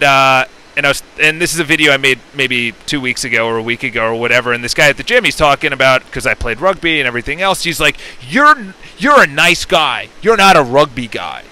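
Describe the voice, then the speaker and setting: A man talks in a sharp, forceful voice into a headset on his phone, likely while sitting in a parked car. His pitch sits a little above average. He rambles through a motivational monologue, breaking off and restarting his sentences and slipping into other voices to act out what people say. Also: smooth, rough recording. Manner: rambling, with self-interruptions and restarts; acts out quoted dialogue in shifting voices. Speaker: real estate agent and self-development vlogger.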